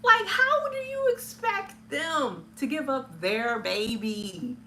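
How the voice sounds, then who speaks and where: Chatty woman with a high voice, full of ums. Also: lively intonation, slow pace, bright, forceful tone, slight background noise. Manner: chatty, hesitant, many fillers, laughs often. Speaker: film reviewer. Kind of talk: casual live chat review.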